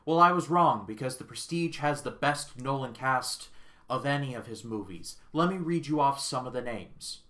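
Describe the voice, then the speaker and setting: A man hosting his own movie review channel, talking casually and with enthusiasm, full of jokes and quick asides. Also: medium pitch, animated, sharp tone.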